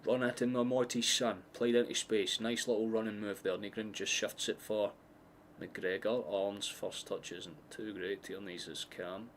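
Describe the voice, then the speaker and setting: A man with a Scottish accent giving casual, excitable live football commentary, swearing freely and drifting into chatty asides. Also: fairly low pitch, a little slow, slight background noise. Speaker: streamer hosting a match watchalong.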